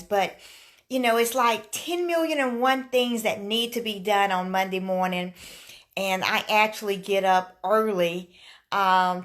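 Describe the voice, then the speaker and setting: A woman counselor hosting a live online show, chatting casually and telling stories with lots of fillers, a little out of breath. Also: mid-range voice. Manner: chatty, animated storytelling with many fillers. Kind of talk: casual live-stream chat.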